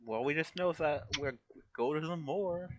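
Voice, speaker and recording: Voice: mid-range voice, normal speed, muffled recording, soft background music. A player in a tabletop game, blunt and joking, who swears freely. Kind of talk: casual chat in a tabletop game.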